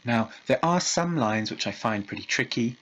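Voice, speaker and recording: A male lecturer giving a recorded lecture in a measured, explanatory way and reading verse slowly. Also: medium pitch, animated, a bit bright, low-quality recording.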